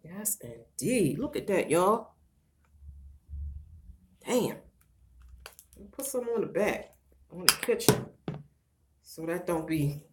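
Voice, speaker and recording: A middle-aged woman chatting on a casual livestream, loud and playful, breaking into laughter and talking straight to her viewers while she does her hair at home. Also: lowish voice, slow, pauses often, slight background noise. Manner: slangy and animated, talks straight to viewers. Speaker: vlogger doing a livestream.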